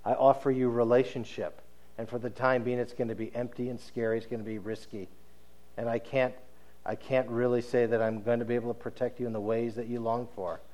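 Preacher voicing a reassuring, earnest savior; male, mid-pitched, gentle. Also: brisk, natural voice.

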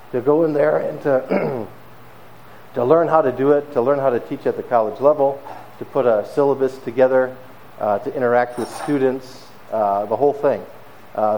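A man preaching a sermon in a conversational, animated storytelling manner, often pausing with fillers. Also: mid-range voice, a little hiss or hum, poor audio. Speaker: pastor.

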